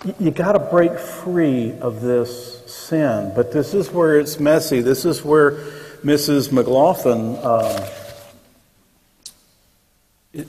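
A man's voice: mid-range voice, a little mellow. A man teaching a church Sunday school class in a conversational way, with joking asides and acted-out quotes. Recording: long echoey church room.

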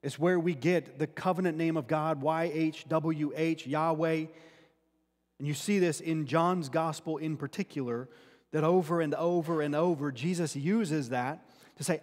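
A man's voice: a little high, a little slow, a little mellow. A man preaching a sermon, earnest and often restarting words as he teaches from scripture. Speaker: pastor. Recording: long hall reverb.

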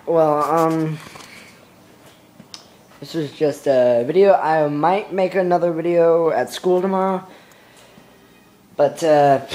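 A man's voice: a little high, a little mellow, a little hiss or hum. Rambling young man vlogging at home. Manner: hesitant, filler-heavy, mock-profound wordplay. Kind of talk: casual rambling monologue to camera. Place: at home indoors.

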